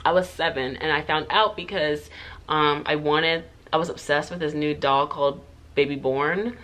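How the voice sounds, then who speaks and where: A woman's voice: deep voice, fairly even intonation, moderate pace, a bit bright. A woman chatting casually to her viewers, rambling through answers with lots of "like" and "um", often going off on tangents and laughing between sentences. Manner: rambling, full of "like" and "um", goes off on tangents. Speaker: hair vlogger. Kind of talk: casual get-to-know-me chat.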